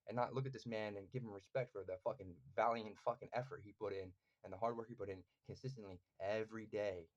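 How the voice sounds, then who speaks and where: Brief: angry, cursing man venting to the camera, low voice, muffled lo-fi audio. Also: steady tone, fast talker, few pauses. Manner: intense, profane, angry. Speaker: vlogger. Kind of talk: casual vlog rant.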